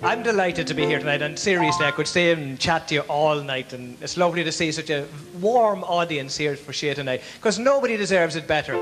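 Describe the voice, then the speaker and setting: A man's voice: fairly high pitch, lively intonation, brisk, hardly any pauses, over music. A middle-aged man with a Northern Irish accent telling jokes and giving a tribute as compère at a live event, chatty and laughing at his own punchlines. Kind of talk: stage joke-telling and tribute speech. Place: live venue in front of an audience. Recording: echoey hall.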